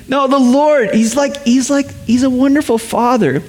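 High-voiced, joking male pastor. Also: moderate pace, hardly any pauses. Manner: joking, animated, chuckles between points. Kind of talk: casual conversational sermon.

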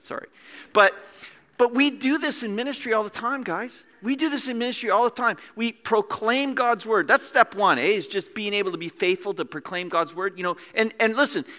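A man preaching a sermon as pastor, animated and acting out scenes in different voices, in a church hall. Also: very high voice, a little fast.

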